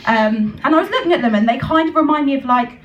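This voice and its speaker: A young woman tells a stand-up story in a chatty, self-mocking way, peppered with fillers. Her voice sits high. She sounds a little distant from the microphone. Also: fast, fairly bright tone, lo-fi sound. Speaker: stand-up comedian.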